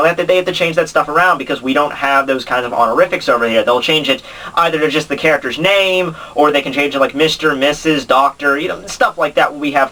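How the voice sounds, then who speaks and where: A young man with a bright, fairly high voice talks through anime dubs in a loose, rambling way, full of "uh" and restarts. He sits a little back from the mic, so the sound is a touch distant. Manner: rambling, many fillers and restarts. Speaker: anime commentary vlogger. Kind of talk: casual explanatory commentary.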